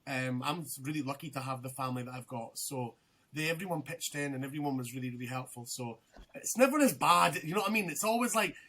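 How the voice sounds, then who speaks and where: A man's voice: mid-range voice, animated, quick pace, pushed and bright. A young man, a podcast guest, telling a rambling story in casual chat, swearing freely and restarting his sentences.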